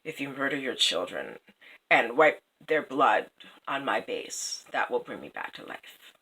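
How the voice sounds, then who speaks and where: A woman voicing an enchanted statue of a loyal male servant in a hushed, low whisper. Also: big pitch swings, unhurried, slightly rough, full character voice, low-quality recording. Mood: ominous.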